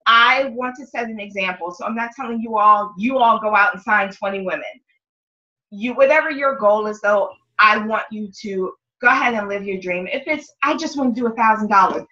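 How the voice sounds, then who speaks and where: A woman's voice: on the high side, sharp tone, muffled recording. Upbeat, candid woman leading a sales meeting. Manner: upbeat, candid, emotional, swears casually. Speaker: sales team leader. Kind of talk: motivational team meeting talk.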